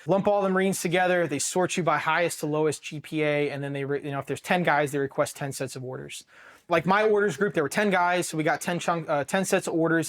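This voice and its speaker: Ohio marine vet guy, kinda high voice, swears a lot, blunt candid storytelling. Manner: blunt, profane, animated storyteller. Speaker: Marine veteran telling his story.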